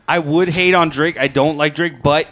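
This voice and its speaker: A man co-hosting a podcast, chiming in with quick agreement in casual banter. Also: on the high side, fairly even intonation, a bit bright. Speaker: podcast co-host.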